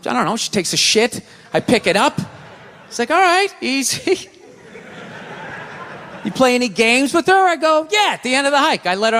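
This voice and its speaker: High-pitched ranting stand-up comedian, man. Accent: Boston. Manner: loud ranting storytelling. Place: comedy stage in a large venue. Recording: live stage recording with hall reverb.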